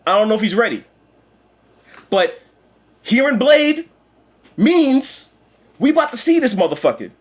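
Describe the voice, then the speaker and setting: A young man chatting casually about a movie he just saw, animated and profane, repeating himself and acting out lines. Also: very high voice, a little slow, pauses often. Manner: animated, profane, repeats words and acts out quotes. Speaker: movie reviewer. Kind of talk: casual chat.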